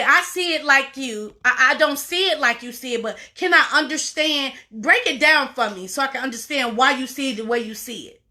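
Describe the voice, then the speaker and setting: Emphatic high-voiced woman life coach. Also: sharp tone. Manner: preachy, repetitive, emphatic. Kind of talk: motivational talk to camera.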